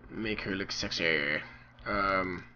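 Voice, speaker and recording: A man's voice: sits low, takes it slowly, dull audio, a little hiss or hum. A man hosting a let's play, commenting casually and thinking aloud with frequent ums as he runs a movie studio. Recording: voice over loud game music.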